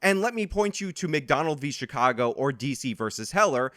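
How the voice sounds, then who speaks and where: A man's voice: mid-range voice, big pitch swings, brisk, fairly bright tone, no room sound. Combative man lecturing in dry close sound. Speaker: political commentary host. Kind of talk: reaction commentary.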